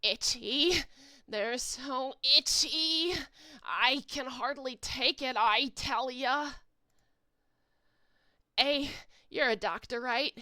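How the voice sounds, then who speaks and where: A woman's voice: sits high, extremely slow, pauses often, pushed and bright, no room sound, studio quality, exaggerated voice. A woman voicing a pair of giant itchy eyes that complains with a put-on Boston accent, reading a webcomic aloud. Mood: whiny. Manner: whiny, complaining.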